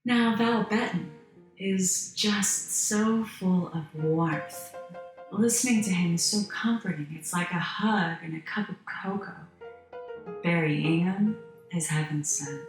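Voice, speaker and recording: A woman hosting a video essay, reading a scripted narration in an earnest, admiring manner. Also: on the low side. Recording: very echoey room.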